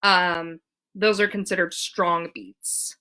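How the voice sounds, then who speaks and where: A woman giving a casual ukulele lesson, talking in a relaxed way with many fillers and counting beats aloud. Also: fairly low pitch, slow pace, clean tone. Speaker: ukulele teacher. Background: ukulele strumming.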